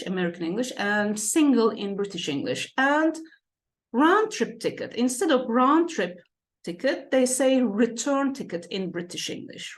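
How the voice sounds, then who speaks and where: Slow, lively-pitched woman teaching English. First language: Turkish. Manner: patient, repeats key words, asks "okay?" and "right?" often. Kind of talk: classroom-style explanation.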